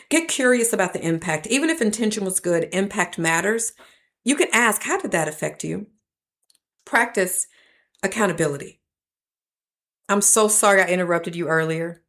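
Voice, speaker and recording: A woman's voice: mid-range voice, a bit bright. A woman, hosting a faith-based teaching talk and addressing listeners as "y'all" in an earnest, preacher-like way. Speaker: podcast host.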